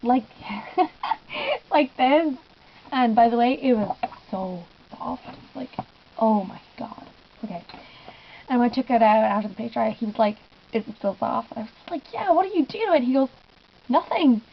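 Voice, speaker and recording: A woman's voice: a little high, moderate pace, gravelly, long pauses, lo-fi sound. A young woman telling a giggly, gushing story in a casual vlog, often acting out what she said. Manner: gushing, giggly, lots of "I was just like". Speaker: fan vlogger.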